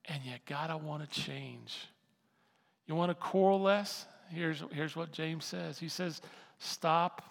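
A man's voice: fairly high pitch, creaky. An older male pastor giving a conversational sermon, repeating phrases for emphasis. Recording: long hall reverb.

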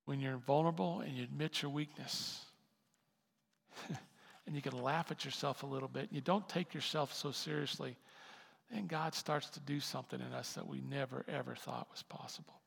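Gravelly preacher in a reverberant hall. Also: male voice, medium pitch, normal speed. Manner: impassioned, rising to loud emphatic peaks. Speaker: pastor. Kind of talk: sermon.

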